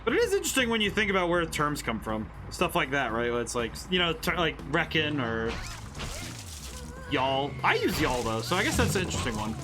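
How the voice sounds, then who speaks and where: A streamer from the northern United States keeps up a casual, bemused let's-play commentary, giggling and talking back to the game's characters. The voice swings widely in pitch, and game music plays clearly underneath it. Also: big pitch swings, a little fast.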